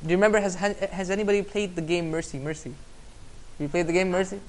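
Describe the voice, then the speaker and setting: A man's voice: high-pitched, fairly even intonation, fast talker. A man giving a casual Islamic class online, conversational and often asking "right?" to check in. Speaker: Islamic teacher.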